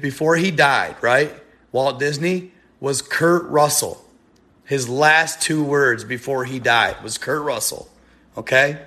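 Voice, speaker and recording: A man's voice: a little high, a bit bright. Rambling slangy young man chatting. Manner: rambling, slangy, laughs often. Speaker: streamer chatting with viewers. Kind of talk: casual live-stream chat.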